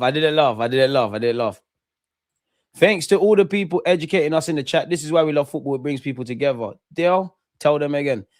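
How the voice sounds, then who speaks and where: A young man, chatting with viewers and shouting them out during a live football watch-along. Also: mid-range voice, no room sound, studio quality. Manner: chatty slang-heavy banter, shouting out viewers. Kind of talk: live reaction chat.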